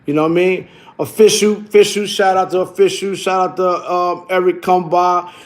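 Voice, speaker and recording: A middle-aged man chatting casually on a livestream, animated and slangy, swearing often. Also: high-pitched, moderate pace. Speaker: livestream host.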